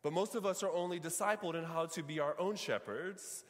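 A man's voice: fairly high pitch, a little fast, big-room sound. A man preaching a sermon as pastor, calling on his congregation to repeat lines after him. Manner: preaching with call-and-response to the congregation.

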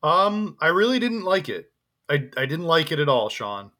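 A man's voice: on the high side, very animated, normal speed, pushed and bright. A man co-hosting a podcast, talking in a loose, rambling way with frequent laughs and restarts. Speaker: podcast co-host. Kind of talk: casual podcast chat.

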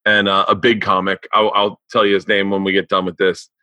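A man's voice: sits low, flat delivery, fairly quick, sharp tone, dry recording. A man hosting a podcast, chatting casually with lots of swearing and stammered restarts. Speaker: podcast host. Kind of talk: casual interview chat.

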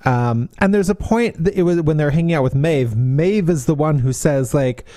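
A man's voice: fairly high pitch, moderate pace, dry recording, studio quality. Chatty man on a book podcast. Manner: animated, many fillers and restarts. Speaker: podcast co-host. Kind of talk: casual book chat.

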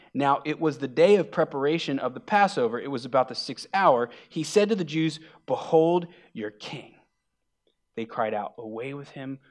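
A male pastor reading scripture aloud and then explaining it in a conversational sermon with casual fillers. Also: mid-range voice.

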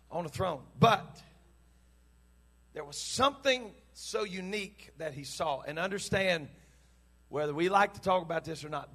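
A man preaching a sermon to his congregation in church, fervent and shouting at its peaks, then dropping into casual joking asides. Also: on the high side, husky. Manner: impassioned preaching that builds to shouts. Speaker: pastor.

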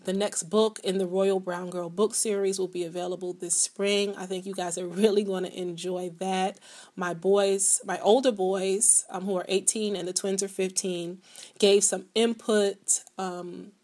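A woman's voice: mid-range voice, a little mellow. Candid, chatty woman podcast host. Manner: candid, chatty, addresses listeners directly. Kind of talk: casual personal podcast monologue.

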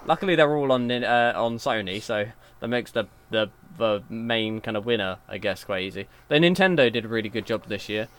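A man's voice: lowish voice, expressive, a little fast, hardly any pauses, a bit bright, clean tone. A man rambling in a casual gaming podcast chat and admitting he has waffled. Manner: rambling, self-aware. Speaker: podcast co-host.

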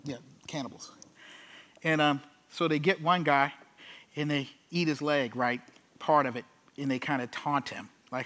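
A pastor preaching a sermon, swinging from loud, emphatic preaching down to hushed near-whispers, with casual conversational asides. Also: male voice, on the high side, fairly even intonation, a little slow. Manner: conversational asides with "you know" and "like".

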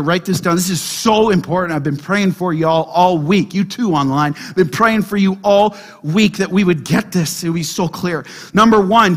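A man preaching a sermon as pastor, emphatic, dropping quiet then crying out loud. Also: sits high.

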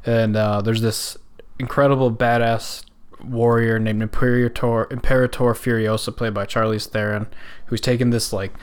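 A man's voice: medium pitch, little pitch movement, moderate pace, smooth. A man co-hosting a podcast in casual chat, enthusiastic and emphatic, with a lot of swearing. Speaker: podcast co-host.

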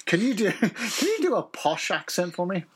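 A man co-hosting a playful family podcast, giggly and animated as he reads out odd facts. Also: high-pitched, normal speed, husky. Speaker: podcast co-host, father. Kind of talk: casual chat, playful fact segment.

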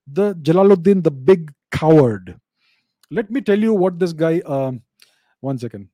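Opinionated man, dark dry voice. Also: high-pitched, animated, moderate pace, dry recording. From India. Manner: opinionated, repeats and restarts words. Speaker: commentator. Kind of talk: casual spoken commentary.

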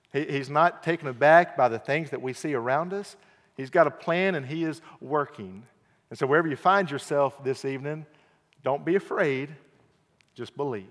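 A man preaching an earnest evening sermon, repeating key phrases and swinging from quiet to loud emphasis. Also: fairly high pitch. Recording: long hall reverb.

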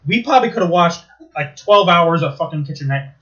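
A high-pitched man with a bright, forceful voice tells rambling stories full of swearing and restarts. He talks casually and with animation, and his voice comes through a dull, lo-fi recording. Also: quick pace. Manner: rambling, profane, animated storytelling. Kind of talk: casual chat.

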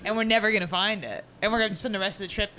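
A man's voice: high-pitched, racing, a crowd in the background. A man co-hosting a casual chat, playful and teasing, often laughing as he talks. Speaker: podcast co-host.

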